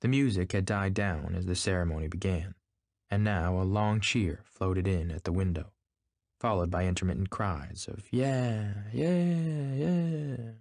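A man reading a novel aloud in a measured, even way. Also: low-pitched, no room sound, studio quality. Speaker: reader.

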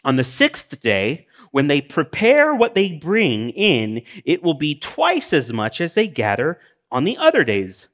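A middle-aged male pastor preaching a sermon, reading scripture aloud and breaking into plain conversational asides, swinging between loud exclamations and quiet, low remarks. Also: wildly swooping pitch, a little slow, hardly any pauses.

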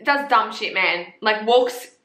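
Young woman gushing about books, swears a ton, bright voice in a roomy echoey space. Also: medium pitch, takes it slowly. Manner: gushing, swears a lot, fillers like "like". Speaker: book reviewer. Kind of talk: casual chat. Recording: echoey room.

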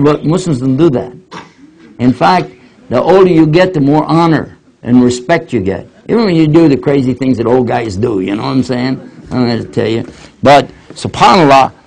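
A man's voice: mid-range voice, low-quality recording. An older man giving a casual lecture and answering questions, telling folksy stories. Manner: folksy storytelling, animated quoting of others.

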